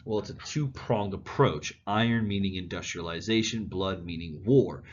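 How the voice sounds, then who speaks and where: A man's voice: low-pitched, normal speed, dull audio. A male history teacher giving a casual, chatty classroom lecture. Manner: casual, chatty, animated storytelling.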